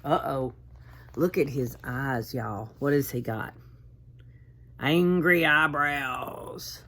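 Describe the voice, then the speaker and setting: A woman's voice: very deep voice, slow. A woman kindergarten teacher, reading a picture book aloud and talking directly to young children. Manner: warm, animated, talks directly to kids. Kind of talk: storybook read-aloud for children.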